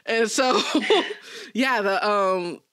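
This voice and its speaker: A woman's voice: medium pitch, extremely slow, fairly bright tone, clean tone, no room sound, studio quality. A young woman co-hosting a podcast in casual chat, playful, laughing a lot and making jokey asides. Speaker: podcast co-host.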